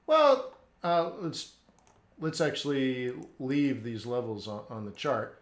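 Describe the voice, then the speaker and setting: A man's voice: medium pitch, expressive, a little slow, reverberant. A man teaching a live trading lesson, reading out chat questions and answering them bluntly, with lots of repetition. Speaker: forex trading instructor.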